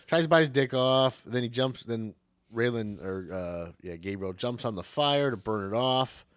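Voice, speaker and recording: A man's voice: medium pitch, animated, normal speed, dry recording, studio quality. A man co-hosting a podcast, casually retelling a movie plot with profanity and jokes. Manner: profane, jokey, slips into mocking voices. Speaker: podcast co-host. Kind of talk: casual movie recap chat.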